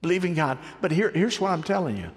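A male pastor preaching a sermon in a folksy, animated way, asking his congregation questions. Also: high voice, fast, in a large hall, a little hiss or hum.

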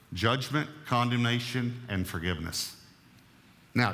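A pastor delivers a sermon with emphasis, repeating key phrases and slowing down when he reads scripture. His voice sits at medium pitch, pushed and bright, and the recording carries a long hall reverb.

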